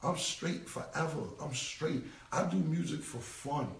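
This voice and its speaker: A man's voice: a little high, measured pace, gravelly. A forty-year-old man, talking bluntly and repetitively in heavy slang as an interview guest. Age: 40s. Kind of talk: casual interview talk. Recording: roomy, distant from the mic.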